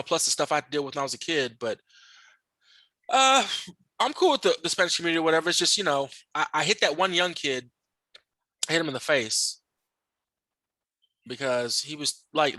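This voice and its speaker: Guy on a podcast spinning stories, swears a lot, bright tense voice, dry sound. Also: a little high, dry recording. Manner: animated, profane, acts out other people's voices. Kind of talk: casual storytelling chat. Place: podcast studio.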